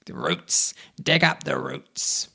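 A man voicing a big one-eyed male cat who leads a pack, with a loud, drawn-out commanding delivery. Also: low-pitched, completely flat delivery, close to an everyday voice. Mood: furious.

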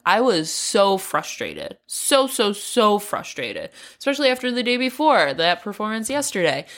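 A woman's voice: mid-range voice, huge pitch swings, moderate pace, few pauses, fairly bright tone. Candid, swearing woman climbing vlogger. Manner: candid, profane, frequent swearing and laughs. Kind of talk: casual training vlog.

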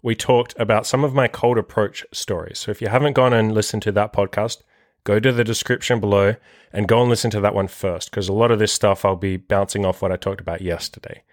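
A young male podcast host with a fairly low voice tells a story in a loose, rambling way. He swears freely and drops "like" into nearly every sentence. The recording is dry and close, with no room sound. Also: fairly even intonation, fairly quick, dry recording. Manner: crude and profane, heavy use of filler "like". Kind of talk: casual storytelling monologue.

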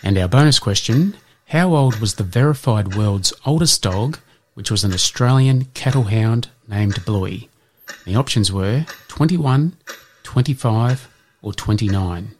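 A man hosting an educational podcast, reading out answers in a measured way and slipping in dad jokes. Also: lowish voice, animated, a little mellow, slight background noise. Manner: measured, spells things out, slips in dad jokes. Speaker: podcast host.

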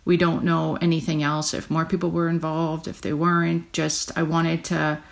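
A woman hosting a podcast, talking haltingly with many fillers and restarts, close to tears as she gives an emotional update. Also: low-pitched, flat delivery, creaky. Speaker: podcast host.

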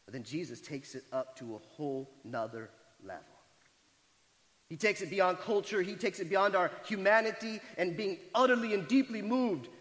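A male pastor preaching a sermon, retelling a story dramatically and moving between loud emphatic lines and hushed, quiet ones. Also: sits high, lively intonation, moderate pace, long reverb tail, low-quality recording.

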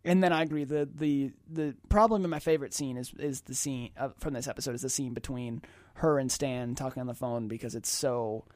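A man's voice: mid-range voice, brisk, few pauses, darkish tone, dry recording, clean studio sound. A young man chatting casually as a podcast co-host, rambling through a TV episode with lots of fillers and restarts. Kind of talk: casual chat reviewing a TV episode.

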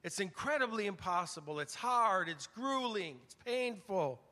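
An older man preaching a conversational, storytelling sermon, swinging from loud emphasis to hushed, near-whispered lines. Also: sits high, animated, moderate pace. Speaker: pastor. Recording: long church reverb.

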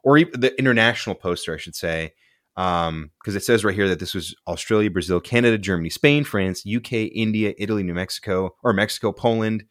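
Young male podcast co-host, low pitch, dry mic, rambling casual delivery. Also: fairly quick, fairly bright tone, no room sound. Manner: laid-back, tangent-prone, says "dude" and "like" often. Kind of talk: casual movie-review chat.

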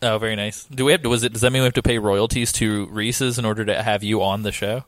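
A man's voice: on the low side, fairly even intonation, quick pace, a bit bright, no echo. A man hosting a casual podcast, running through news in a jokey, rambling way with lots of fillers. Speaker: podcast host.

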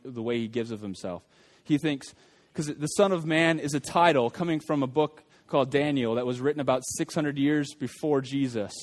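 A man preaching in a slightly high voice. He talks in an animated way and puts on the voices of the people in the story. He often restarts his sentences as he works through the passage. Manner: animated, acts out the crowd's voices, many restarts. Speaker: pastor. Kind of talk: sermon.

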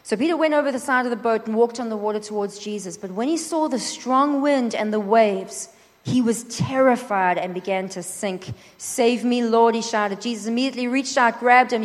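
A woman preaching at a conference, lively and acting out quoted prayers and dialogue. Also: fairly high pitch, normal speed. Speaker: conference speaker. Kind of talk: sermon. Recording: long hall reverb.

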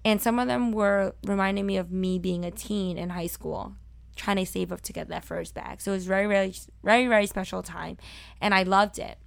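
A woman in her thirties from Brooklyn with a Brooklyn accent, a talkative and loud food host telling her own story in a personal monologue. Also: mid-range voice, fairly even intonation, vocal fry, dry recording. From Brooklyn, New York. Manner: talkative and loud, fast and emphatic. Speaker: food video host and cook.

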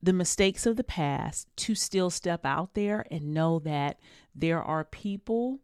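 A woman's voice: on the low side, lively intonation, takes it slowly, darkish tone, clean tone, no echo, studio quality. A woman, hosting her own podcast in an earnest, emotional, encouraging way, casual and full of slang. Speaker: podcast host. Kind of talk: heartfelt solo podcast talk.

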